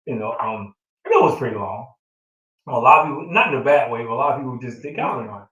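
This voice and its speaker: A middle-aged man speaks as a proud father, reminiscing in a loose, emotional way with lots of fillers. His voice sits in a middle pitch. It sounds roomy and a bit distant from the mic. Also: lively intonation, quick pace, bright, forceful tone, dull audio. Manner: reflective, emotional storytelling with many fillers. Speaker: father of the groom. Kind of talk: casual chat.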